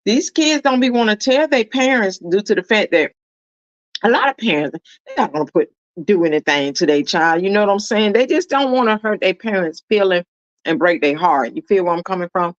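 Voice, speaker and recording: A woman's voice: medium pitch, expressive, brisk, no room sound, muffled recording. A woman hosting a reaction video, talking casually and emphatically to her viewers and often asking whether they follow her.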